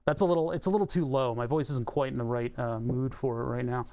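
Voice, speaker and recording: A man's voice: mid-range voice, fairly even intonation, fast talker, warm tone. A man streaming while he repairs a tablet, rambling casually with lots of fillers and asides. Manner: rambling, full of fillers and asides, laughs often. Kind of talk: casual livestream talk while repairing electronics.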